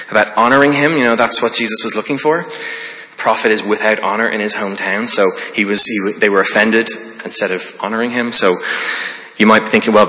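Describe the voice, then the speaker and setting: Pastor, male, lowish and very bright voice, earnest conversational sermon, long hall reverb. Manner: earnest, conversational preaching with restarts.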